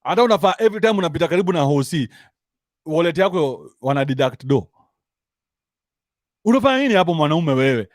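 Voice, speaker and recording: A man's voice: a little high, expressive, quick pace, long pauses, dry recording, clean studio sound. Mocking Kenyan man ranting comically. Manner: crude, mocking, code-switching between English and Sheng. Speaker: commentary show host. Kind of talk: rant-style comic commentary.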